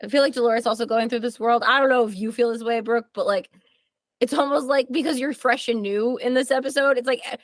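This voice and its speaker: A woman's voice: on the high side, steady tone, quick pace, dry recording. A young woman, a tabletop game player, chatting casually on a podcast, giggly and full of hesitant restarts.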